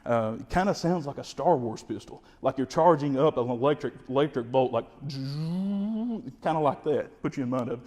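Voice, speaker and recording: A man with a Kentucky accent, explaining turkey calling in a folksy, energetic way and imitating the birds. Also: medium pitch, a little fast, few pauses, in a large hall. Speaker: wildlife information specialist. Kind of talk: instructional explanation.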